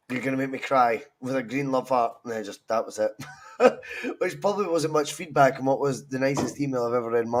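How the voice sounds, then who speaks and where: Sweary, lively Scottish man with a cold. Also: medium pitch. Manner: animated, sweary banter. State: has a cold. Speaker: podcast host. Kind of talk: casual football chat.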